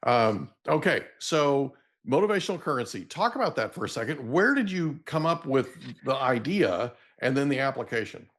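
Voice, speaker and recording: A man's voice: mid-range voice, very animated, normal speed, few pauses, fairly bright tone. A man hosting a casual podcast interview, speaking in an enthusiastic, affirming way. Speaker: podcast host.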